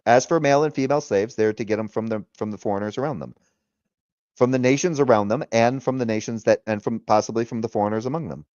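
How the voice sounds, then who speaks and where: A man's voice: mid-range voice, fast talker, a little mellow, no room sound, highs cut off. A man hosting a casual livestream, talking loosely, swearing freely and laughing often. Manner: retells arguments in quoted voices. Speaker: livestream host.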